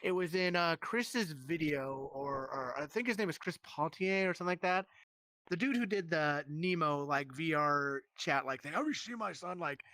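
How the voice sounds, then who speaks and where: A man's voice: fairly high pitch, normal speed, sharp tone, no echo. A man who streams, telling a rambling, heated story in casual live-stream chat with many restarts.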